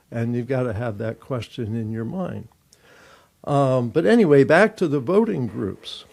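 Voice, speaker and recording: An older therapist and author answers interview questions in a measured, explanatory way, thinking aloud as he talks. His voice is medium-pitched and animated, with vocal fry and a somewhat dark tone.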